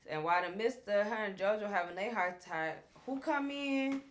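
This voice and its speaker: A woman's voice: mid-range voice, normal speed, few pauses. Chatty woman recapping a reality show. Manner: chatty, slangy, retells scenes by acting out the cast's lines. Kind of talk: casual TV recap chat.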